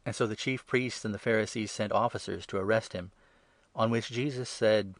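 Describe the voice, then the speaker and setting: A man giving a measured, even scripture reading. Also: lowish voice, no room sound. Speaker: reader.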